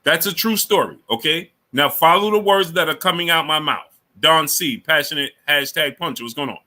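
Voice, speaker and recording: Male streamer host, bright edgy tone, fairly high, lecturing and repetitive. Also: normal speed. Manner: lecturing, repeats himself, greets chatters by name. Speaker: boxing channel host. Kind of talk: live stream chat, answering viewers.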